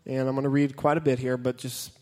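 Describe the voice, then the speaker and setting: A man's voice: mid-range voice, flat delivery, quick pace, darkish tone. A man preaching a casual, joking sermon to a young crowd, retelling and reading a Bible story with dramatic flair. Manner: joking, dramatic storytelling, reads scripture aloud. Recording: long hall reverb.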